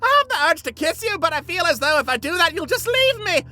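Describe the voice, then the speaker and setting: A man voicing a weepy, self-pitying teenage killer girl in a shrill, melodramatic whine. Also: very animated, fast talker, pushed and bright, exaggerated voice. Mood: whiny melodrama.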